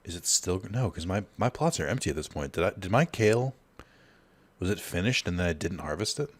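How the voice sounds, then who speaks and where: Deep-voiced male gamer, casual rambling commentary, heavy fillers. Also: animated, a little fast, no room sound. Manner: rambling, filler-heavy, storytelling while playing. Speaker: let's play host.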